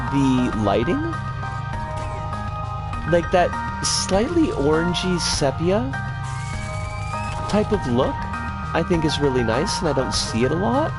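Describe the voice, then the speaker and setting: A woman streaming a game, chatting in a rambling, casual way and breaking into frustrated outbursts. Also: deep voice. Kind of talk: casual live-stream commentary while playing.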